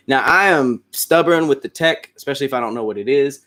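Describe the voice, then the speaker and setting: A man's voice: medium pitch, very animated, fast talker, a bit bright. Rambling, casual man chatting with fans. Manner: rambling, frequent restarts, casual profanity. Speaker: host. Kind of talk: casual livestream chat answering fans.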